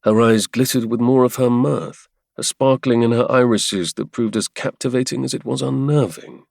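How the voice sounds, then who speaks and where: A man narrating a romance audiobook in a measured, dramatic way. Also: mid-range voice, vocal fry, darkish tone, no echo, clean studio sound.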